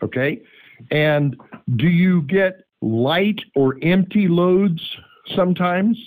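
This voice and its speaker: A man's voice: high-pitched, slow, phone-quality sound. A man hosting a call-in radio show, joking with callers and asking pointed questions. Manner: lively, joking, asks probing questions.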